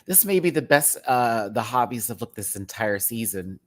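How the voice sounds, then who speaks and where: A man's voice: mid-range voice, lively intonation, normal speed. Man, home-desk reviewer, exasperated and talkative, laughs a lot, voice swoops up and down. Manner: exasperated, chatty, laughs often. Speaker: YouTube reviewer. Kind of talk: casual ranting review. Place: home desk with ring light.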